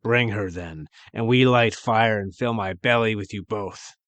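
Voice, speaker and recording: A man voicing a brutish, desperate male ogre who bellows slow, broken demands. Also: lowish voice, fairly bright tone, no echo. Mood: demanding.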